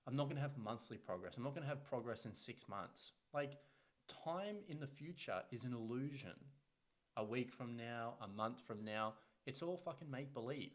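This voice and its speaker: A man's voice: mid-range voice, animated, moderate pace. A man, in his thirties, talking as a health coach in a podcast monologue, blunt and profane, hammering points by repeating phrases. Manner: blunt and profane, swears freely; emphatic, repeats phrases for punch.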